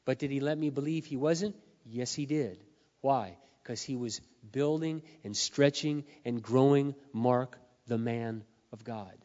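A middle-aged man preaching a sermon, earnest and confessional, swinging between quiet admissions and loud emphatic peaks, his voice wearing hoarse. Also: mid-range voice, measured pace. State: losing his voice. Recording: muffled sound in a reverberant hall.

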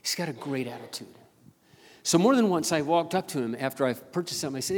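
An older man preaching as a pastor, telling a story earnestly and haltingly, often repeating his words. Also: mid-range voice, very animated. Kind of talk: sermon storytelling. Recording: long reverb of a large hall.

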